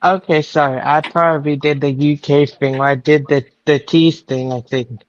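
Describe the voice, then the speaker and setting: A man with an accent mixing UK and American speech talks casually and apologetically. He joins by phone, so the sound is dull and dry, and his voice sits a little high. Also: steady tone, normal speed, no room sound. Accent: mix of UK and American. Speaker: caller on phone. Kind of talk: casual chat.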